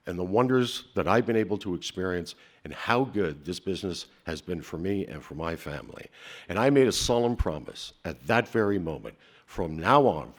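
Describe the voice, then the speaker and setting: A middle-aged man from Canada giving a heartfelt, rhetorical acceptance speech from a podium on a banquet hall stage. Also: low-pitched. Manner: emotional, rhetorical, with dramatic pauses.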